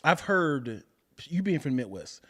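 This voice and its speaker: A man's voice: a little high, big pitch swings, normal speed, fairly bright tone. A man co-hosting a podcast in casual chat. He asks curious questions and drops short reactions. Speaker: podcast co-host.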